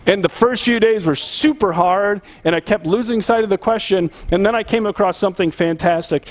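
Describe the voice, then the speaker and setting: A man's voice: high voice, fairly quick. A man preaching a conversational sermon as pastor, earnest and emphatic, putting direct questions to the congregation.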